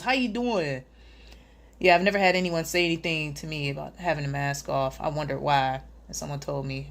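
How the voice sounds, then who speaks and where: A woman with a low, fairly bright voice hosts a casual livestream. She reads chat comments aloud, greets viewers by name, and cracks sarcastic jokes, laughing often.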